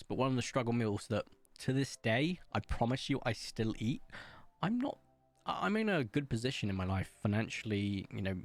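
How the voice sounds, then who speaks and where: A man's voice: fairly low pitch, no room sound. Man with a posh English accent. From England, Somerset. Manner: rambling anecdotal storytelling with frequent ums. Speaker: streamer. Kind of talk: casual chat while gaming.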